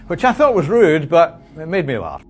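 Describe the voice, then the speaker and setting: A man's voice: fairly high pitch, wildly swooping pitch, moderate pace, faint music behind. A man who interviews film people, telling a dry, self-deprecating anecdote.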